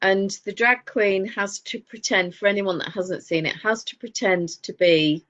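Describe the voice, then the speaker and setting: A woman's voice: mid-range voice, steady tone, normal speed, a bit bright. A woman with a Northern English accent, co-hosting a casual podcast chat, telling stories and laughing often. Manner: chatty storyteller, laughs often. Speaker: podcast co-host. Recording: dull lo-fi sound.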